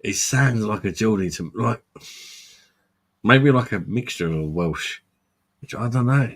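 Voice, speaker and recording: A man's voice: on the low side, animated, a little slow, a bit bright. A man hosting a casual drinking livestream, tipsy, swearing and laughing often. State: drunk. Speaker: host.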